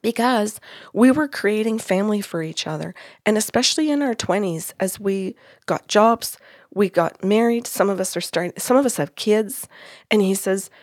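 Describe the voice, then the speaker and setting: A woman's voice: medium pitch, normal speed, dry recording, clean studio sound. Woman telling a story in casual talk. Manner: animated, quotes others in her own voice. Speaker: podcast host and medium.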